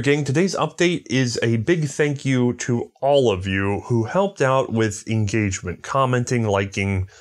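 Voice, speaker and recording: A man hosting a firearms history show, chatting casually and acting out voices in his anecdotes. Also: mid-range voice. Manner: animated storyteller, acts out voices in anecdotes. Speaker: show host.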